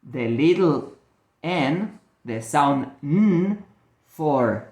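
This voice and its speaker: A man gives a children's phonics lesson, stretching every word very slowly. His pitch swings brightly up and down as he explains letters and tells a story. The room rings with echo. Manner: slow, drawn-out, lively teacher talk. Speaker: ESL teacher.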